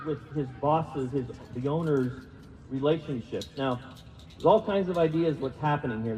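A slightly high, darkish male voice belongs to a pastor preaching conversationally and teasing himself. He invites the congregation to repeat words and answer questions, in a reverberant hall captured with dull lo-fi sound.

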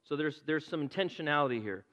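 A man's voice: on the high side, animated, fast, a bit bright, dull audio. Playful conversational preacher man, echoey hall. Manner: conversational, playful asides, repeats words. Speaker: pastor. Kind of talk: sermon.

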